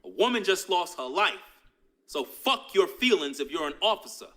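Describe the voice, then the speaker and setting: A man's voice: sits high, sing-song, moderate pace, bright, forceful tone. A man in a clip being reacted to, giving blunt, frank opinions. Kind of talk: opinionated commentary.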